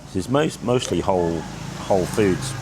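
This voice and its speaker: A man with a slightly croaky voice chatting casually in a travel vlog, trailing off mid-sentence as he talks. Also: deep voice, expressive, moderate pace. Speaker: travel vlogger. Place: outdoors on busy streets and in cafes. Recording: loud street traffic noise. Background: traffic and motorbikes.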